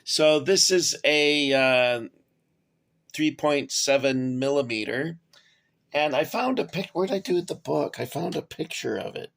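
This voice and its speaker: In a cramped home workspace, a man with a somewhat high, fairly bright voice and vocal fry talks a little slowly. He's casually reviewing a toy gun model, rambling with lots of fillers and chatty asides to "guys."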